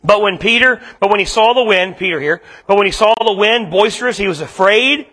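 High, bright-voiced male preacher. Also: fairly quick, long reverb tail. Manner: casual, conversational preaching with acted-out asides. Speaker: pastor. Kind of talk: sermon.

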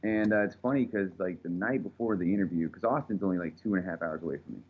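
A man's voice: low-pitched, quick pace, slightly rough. A man, a tattoo artist telling a rambling, profane story in casual chat, recorded with thin phone-like sound.

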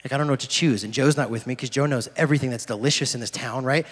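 A man's voice: mid-range voice, fast, few pauses. A young adult man giving a casual, conversational youth sermon as a pastor. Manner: casual, conversational preaching with fillers. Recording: loud piano music underneath. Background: soft piano music.

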